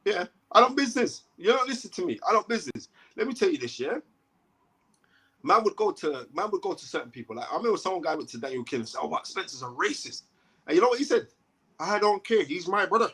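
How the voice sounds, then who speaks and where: A man's voice: high-pitched, big pitch swings, fast, fairly bright tone, slightly rough. A man, a boxing commentator, talking emphatically as a guest and often checking in with "right?". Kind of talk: animated interview talk.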